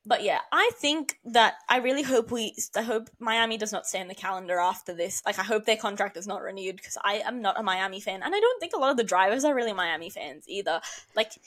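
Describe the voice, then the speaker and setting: A woman's voice: medium pitch, lively intonation, fairly quick, fairly bright tone. Gushing slangy woman podcast co-host. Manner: gushing and slangy, calls things iconic. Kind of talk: casual podcast chat.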